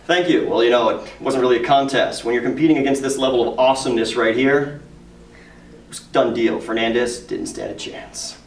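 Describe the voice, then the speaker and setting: A man's voice: medium pitch, fairly even intonation, brisk, a little hiss or hum. A man who is a teacher, joking and bragging in a school interview. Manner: goofy, boastful. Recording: echoey room from far off.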